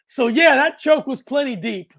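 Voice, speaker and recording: A man co-hosting a casual sports podcast, animated and rambling, with loud outbursts and frequent restarts. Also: very high-pitched, moderate pace. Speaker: podcast co-host.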